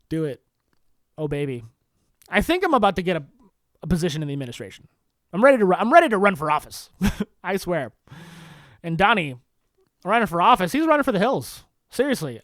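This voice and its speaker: Young man, podcast host, sarcastic comedy riffing, very animated pitch, dry close sound. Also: brisk, pauses often, no echo. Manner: sarcastic, mock-pleading, laughing at own jokes. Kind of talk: solo comedy monologue.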